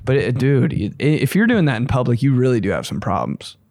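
A young man hosting a podcast, riffing in a casual comedic monologue with crude jokes and sudden shrill put-on voices. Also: fairly quick, no echo, clean studio sound. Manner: animated, crude, puts on shrill voices for bits. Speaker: podcast host.

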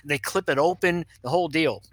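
Bright-voiced older man telling stories. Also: a little high, brisk, dry recording. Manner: animated, acts out other people's voices, laughs at his own stories. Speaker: guest, pediatrician. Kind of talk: anecdotal storytelling.

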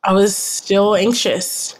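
A woman's voice: medium pitch, steady tone, slow pace. Woman, 30s, counselor guest; earnest, reflective, chatty storytelling. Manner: reflective and earnest, heavy on "you know" and "like". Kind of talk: candid personal storytelling in a podcast interview.

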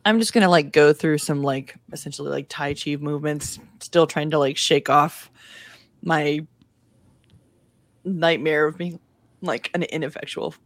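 A woman's voice: deep voice, measured pace, no echo. A woman playing in a tabletop game, talking loosely and rambling with fillers. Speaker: player. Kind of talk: casual tabletop play.

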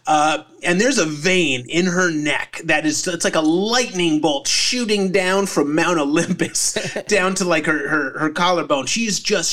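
A man's voice: a little high, fairly bright tone. A man telling a funny anecdote on a casual comedy podcast, rambling with fillers. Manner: rambling with fillers, laughs at own story. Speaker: podcast co-host, parent.

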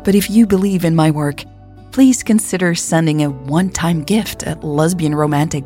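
A woman host narrating a scripted audiobook in a calm, measured way. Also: sits low, soft background music.

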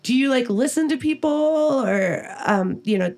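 A woman's voice: fairly high pitch, lively intonation, moderate pace, darkish tone. A middle-aged woman musician speaking as an interview guest, blunt and profane, laughing often. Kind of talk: casual interview chat.

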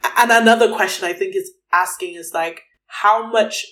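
A woman's voice: mid-range voice, normal speed, fairly bright tone. Thoughtful woman podcast guest. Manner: thoughtful, hedging with fillers. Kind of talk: casual chat.

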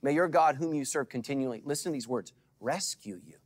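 A man's voice: mid-range voice, lively intonation, fairly quick. Dynamic preaching man. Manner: dramatic swings from loud calls to hushed asides; preaching to a live congregation with call-and-response. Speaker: pastor. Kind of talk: sermon.

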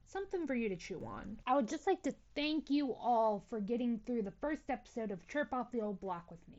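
A woman's voice: fairly high pitch, lo-fi sound. A young adult woman hosting a podcast, telling a story in a casual, playful, self-mocking way. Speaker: podcast host.

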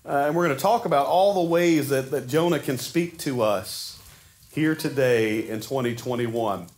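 A man in his forties preaching a sermon in a casual, animated storytelling way, acting out the quotes he tells. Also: mid-range voice, moderate pace. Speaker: pastor.

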